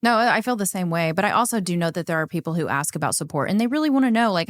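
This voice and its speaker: A woman's voice: on the low side, lively intonation, very fast, no room sound, studio quality. A woman co-hosting a podcast who talks in an emphatic, conversational way and sounds exasperated when she pushes back. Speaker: podcast co-host.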